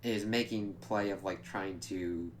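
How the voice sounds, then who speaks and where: A man's voice: low voice, fairly even intonation, measured pace, a little hiss or hum. A man giving a casual, rambling spoken review of a TV episode, with loose asides and frequent fillers.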